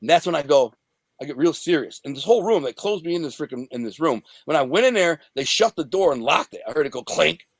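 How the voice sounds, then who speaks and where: A middle-aged man from the Detroit area, an interview guest telling a story in a rambling, profane, animated way. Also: a little high, fast, dry recording. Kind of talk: casual storytelling.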